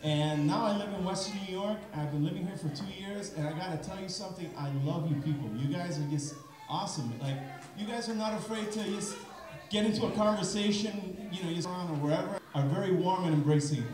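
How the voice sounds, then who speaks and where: Upbeat Canadian entertainer, very high voice, live-stage crowd banter in an echoey hall with music behind. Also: male voice, a little fast. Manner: upbeat, chatty, coaxing the crowd.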